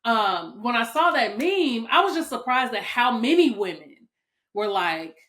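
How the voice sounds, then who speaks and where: A woman's voice: a little high, big pitch swings, measured pace, a bit bright. Blunt, emotional woman podcast host. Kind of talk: candid casual chat.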